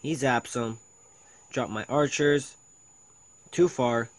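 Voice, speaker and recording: A man's voice: medium pitch, slow pace, no room sound, poor audio. Dry-voiced man chatting through a game replay. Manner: chatty play-by-play with frequent ums and self-quotes. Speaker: video host. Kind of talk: casual gameplay commentary over a replay.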